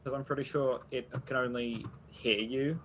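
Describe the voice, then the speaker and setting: A man joining a co-op game on voice chat, in casual chat with laid-back, deadpan quips. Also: mid-range voice, moderate pace, a little hiss or hum, low-quality recording. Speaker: co-op gaming partner.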